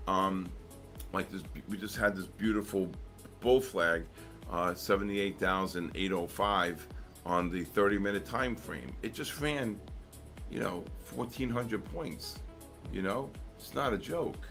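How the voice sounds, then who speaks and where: Deep voiced middle-aged guy rambling about trading, lots of ums, faint music in the back. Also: measured pace, a bit bright. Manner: rambling storyteller, many fillers and restarts. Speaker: trader on a live stream. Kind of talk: casual chat.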